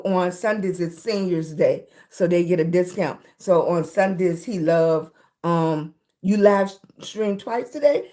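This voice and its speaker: Her voice is mellow and sits at a medium pitch. This middle-aged livestream host talks casually from her room, welcoming viewers by name and frequently addressing them as baby.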